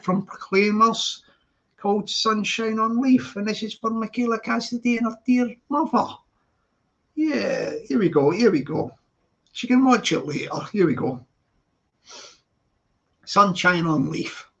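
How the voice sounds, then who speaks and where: Scottish male streamer, chatty and rambling, slow delivery, muffled lo-fi home audio. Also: high voice, sharp tone. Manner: rambling, chatty, talks to viewers in the chat. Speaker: livestream host. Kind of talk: casual live-stream chat. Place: home flat.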